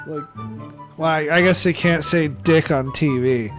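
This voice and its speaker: A man's voice: on the high side, normal speed, soft background music. An American man streaming live, chatting casually in a rambling way, swearing constantly and laughing at his own jokes. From United States. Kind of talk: casual chat on a livestream.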